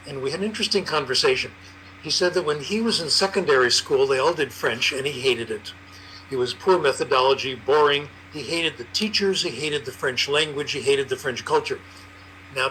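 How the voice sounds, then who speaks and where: Bright-voiced older man telling stories. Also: medium pitch, slight background noise, poor audio. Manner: anecdotal, lively storyteller. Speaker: panelist, language researcher. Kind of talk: conversational explanation.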